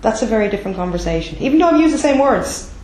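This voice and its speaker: Delivering classroom training on debt collection, this Irish woman talks in a rapid-fire, sing-song way with a slightly high, somewhat mellow voice. She presses her points hard and frequently asks the group "okay?" to check they're following. Echo fills the room.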